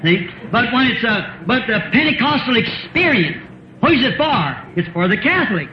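A man's voice: extremely high pitch, very animated, moderate pace, a little hiss or hum. A man, preaching a sermon in a folksy way, asking rhetorical questions and chuckling often. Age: 50s. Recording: roomy, dull old sermon tape.

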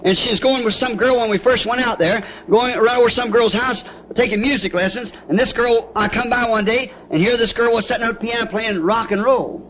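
Folksy man preaching a sermon; high voice on a dull lo-fi tape. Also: fairly quick, few pauses, fairly bright tone. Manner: folksy storytelling, often asks "See?". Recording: dull lo-fi old tape with faint hiss.

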